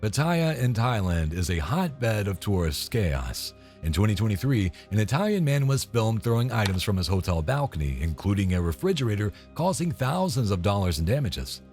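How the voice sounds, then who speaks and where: A man's voice: lowish voice, big pitch swings, normal speed, few pauses, darkish tone. A man reading scripted narration for a video compilation, matter-of-fact and scornful. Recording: faint background music.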